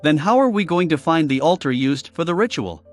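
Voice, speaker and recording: A man's voice: on the high side, expressive, a little fast, faint music behind, close to an everyday voice. A man voicing Leonard, a teasing investigator. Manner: easygoing and playful. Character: confident, teasing young male investigator.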